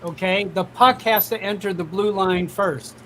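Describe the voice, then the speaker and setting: A man's voice: high voice, normal speed, fairly bright tone, slight background noise. A man co-hosting a casual show, explaining things patiently and checking for understanding. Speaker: regular co-host. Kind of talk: casual chat.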